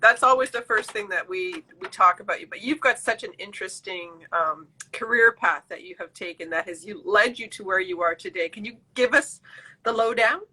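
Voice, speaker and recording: A woman's voice: mid-range voice, fairly quick, sharp tone, slightly rough, low-quality recording. A woman co-hosting a podcast interview, enthusiastic and gushing on a video call. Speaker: podcast co-host. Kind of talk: casual chat.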